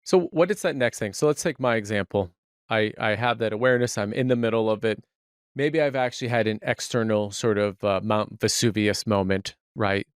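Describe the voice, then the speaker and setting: Smooth, lower-voiced male podcast host. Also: fairly quick, no room sound, clean studio sound. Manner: curious, probing, restates ideas. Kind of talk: podcast interview.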